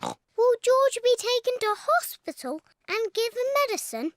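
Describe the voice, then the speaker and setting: A woman's voice: very high-pitched, sing-song, unhurried, slight background noise, heavily acted. An actress voicing a bossy, chatty little girl piglet in a children's cartoon. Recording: cartoon soundtrack with music.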